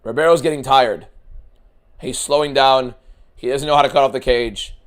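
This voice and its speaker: A man streaming a fight watchalong, giving casual, profane live commentary that swings from shouting to muttering. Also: medium pitch, steady tone, moderate pace, clear, resonant tone.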